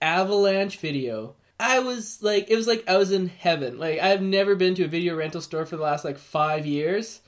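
A man's voice: sits high, animated, moderate pace, hardly any pauses. A man from Canada, a podcast co-host, chatting casually with rambling jokes. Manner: jokey, rambling, laughs often.

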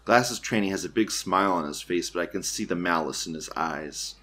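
A man's voice: deep voice, fairly quick, few pauses, sharp tone, faint music behind. A man hosting a show, reading forum posts aloud with crude, mocking commentary and frequent laughter. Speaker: host.

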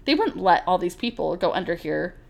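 A woman's voice: lowish voice, sing-song, brisk, vocal fry. A young woman co-hosting a podcast, telling a story in casual chat with lots of laughter and acted-out quotes. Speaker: podcast co-host.

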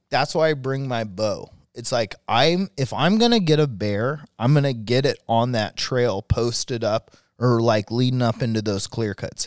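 A man's voice: medium pitch, clean tone, no echo, studio quality. A man in casual podcast chat, talking emphatically about plans and backing others up with short agreements. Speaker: podcast co-host.

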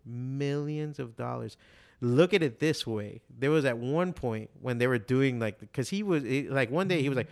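A man in his forties talks in a loose, rambling way, swearing often and piling up fillers. His pitch sits in the middle range for a man. He tells stories in a casual chat. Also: expressive, moderate pace, hardly any pauses. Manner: profane, rambling storytelling with many fillers. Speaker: stand-up comedian and podcast guest.

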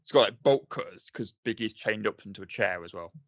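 A male podcast co-host in casual chat, walking through events hesitantly and filling gaps with ums and uhs. His voice is fairly low, and the sound is dry and close. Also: a little fast, dry recording. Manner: hesitant recounting with many fillers.

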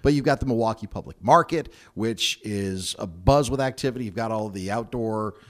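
A man's voice: on the low side, moderate pace. A middle-aged man from Mississippi hosting a casual interview chat, an easygoing storyteller with self-deprecating humor. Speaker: podcast host.

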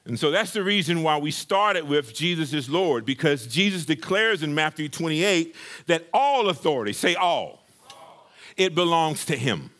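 A male pastor preaching a sermon, lively and conversational, acting out scripture scenes with playful asides. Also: fairly high pitch, moderate pace.

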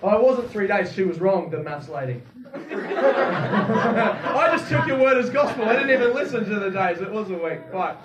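A man's voice: high-pitched, expressive, normal speed. A man doing stand-up crowd work, brash and swearing, laughing often as he teases the audience. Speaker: stand-up comedian. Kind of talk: crowd work at a comedy show. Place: comedy venue with a live crowd. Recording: roomy, from a distance, crowd noise.

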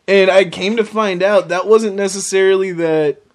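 A man's voice: high voice, steady tone, normal speed. A man co-hosting a casual podcast chat about a movie, rambling with lots of fillers and the odd swear word.

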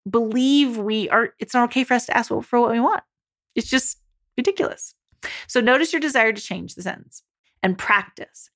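Encouraging coach woman, higher voice. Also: fairly bright tone. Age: adult mother. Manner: encouraging, speaks directly to listeners as mamas. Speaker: parenting coach for mothers. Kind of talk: motivational podcast coaching talk.

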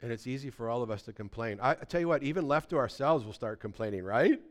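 A man's voice: medium pitch, expressive, fast. A pastor in his sixties preaching a sermon in a conversational storytelling way, often checking in with his listeners.

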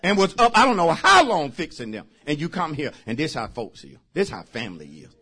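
Pastor putting on a sulking aunt. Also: male voice, a little high, sing-song, a little fast, bright, forceful tone, breathy edge, voice pushed down, full character voice. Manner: grumbling, self-pitying complaint. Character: sulking middle-aged woman, hurt over her cooking.

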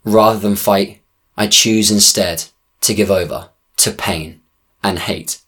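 A man performing spoken-word verse with a deliberate, dramatic touch. His voice sits low, and he takes each line at a very slow, measured pace. Every rhyme gets its weight. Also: fairly even intonation, fairly bright tone. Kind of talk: spoken-word poetry recitation.

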